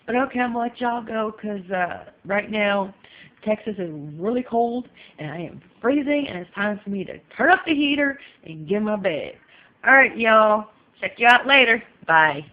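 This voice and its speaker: A woman's voice: mid-range voice, lively intonation, moderate pace, lo-fi sound. A woman from California vlogging casually from her home in Texas, talking in a chatty, emphatic way and often saying "you know.". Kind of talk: casual opinion vlog.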